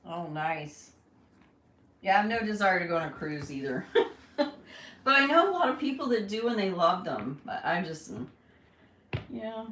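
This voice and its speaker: A woman's voice: mid-range voice, very animated, normal speed, pauses often, fairly bright tone, a little hiss or hum. A woman chats on a casual live stream, switching to a coaxing pet voice for her bird. She sits back from the microphone in a reverberant room at home. Faint running water is heard behind her. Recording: roomy, distant mic, faint running water.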